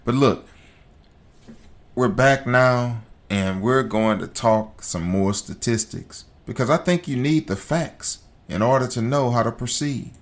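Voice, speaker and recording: A man hosting a podcast, shifting between emphatic, repetitive commentary and relaxed, chatty sponsor reads. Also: medium pitch, unhurried. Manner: fired up and emphatic, preacher-like repetition; calm and conversational in sponsor reads. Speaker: podcast host.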